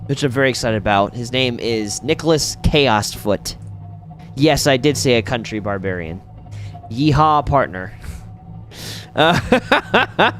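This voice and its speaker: A man streaming and chatting casually while playing a video game, rambling with lots of fillers and bursting out in sudden excitement. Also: mid-range voice. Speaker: streamer and host.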